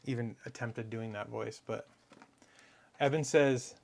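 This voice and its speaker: Gravelly man chatting during a repair stream. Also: medium pitch, fairly even intonation, a little slow, pauses often, darkish tone. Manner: rambling, cheerful and self-mocking; murmurs to himself while working. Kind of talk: casual live-stream chat while repairing hardware.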